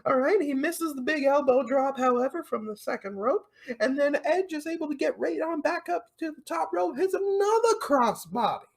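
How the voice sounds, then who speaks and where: A woman co-hosting a podcast, chatting casually as she recaps a wrestling show, animated and laughing often. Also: high voice, moderate pace, vocal fry, hardly any pauses. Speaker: podcast co-host.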